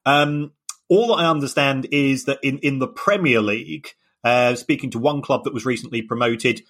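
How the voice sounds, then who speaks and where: Male podcast analyst, mid-pitched, hesitant and repetitive delivery, casual explainer. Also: normal speed, a bit bright. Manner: hesitant, repeats words as he explains. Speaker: podcast co-host, finance analyst.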